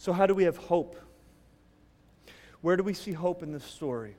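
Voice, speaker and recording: A man preaching a sermon, conversational and animated, telling stories and teasing the congregation. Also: high voice, normal speed, big-room sound. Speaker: pastor. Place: church sanctuary.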